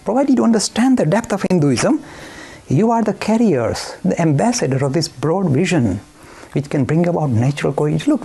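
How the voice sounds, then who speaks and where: A man's voice: a little high, creaky, warm tone, breathy edge. A man giving an emphatic, provocative lecture on religion, full of anecdotes and self-aware jabs.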